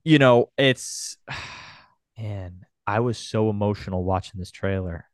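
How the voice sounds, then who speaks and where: A man's voice: lowish voice, moderate pace, smooth, dry recording, clean studio sound. A man hosting a casual podcast chat, enthusiastic and rambling, full of fillers and restarts. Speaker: podcast host.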